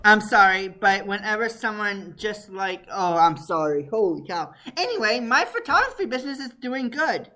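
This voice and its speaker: Exasperated bright-voiced man. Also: high voice, sing-song, normal speed, hardly any pauses. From Wisconsin. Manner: exasperated, blurts out then apologizes. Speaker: guest. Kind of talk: casual talk radio chat.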